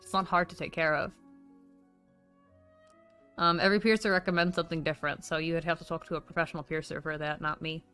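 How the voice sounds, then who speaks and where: Faint music sits behind a low, bright, forceful woman's voice that stays steady in tone, talks fast, and pauses often. She's a chatty livestreamer who swears freely and gushes over donations.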